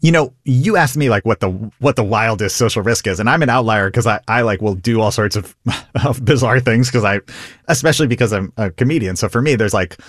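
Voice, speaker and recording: A man, a comedian, talking through an interview in an animated way, laughing and acting out quoted lines. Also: mid-range voice, fairly quick, no echo, clean studio sound. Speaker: comedian guest. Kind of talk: conversational interview.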